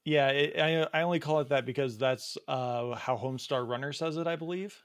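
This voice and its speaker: A man's voice: mid-range voice, brisk, clear, resonant tone, dry recording, studio quality. A man from the United States co-hosting a podcast, chatting playfully about a TV show and laughing easily. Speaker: podcast co-host. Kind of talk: casual chat.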